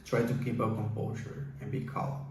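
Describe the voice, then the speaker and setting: A man's voice: on the low side, little pitch movement, normal speed, darkish tone. A man giving casual relationship advice in a hesitant, coaching way, with many fillers and restarts. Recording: echoey room, far from the mic, faint hiss.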